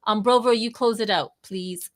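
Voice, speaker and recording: A woman's voice: mid-range voice, normal speed. A woman hosting a live online audio chat in a bubbly, chatty, playful way. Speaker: host.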